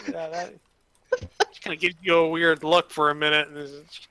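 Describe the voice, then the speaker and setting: A man's voice: on the high side, level tone, moderate pace, bright, forceful tone, dry recording. A man acting as game master of a tabletop role-playing game, explaining rules and narrating scenes, often trailing off into fillers.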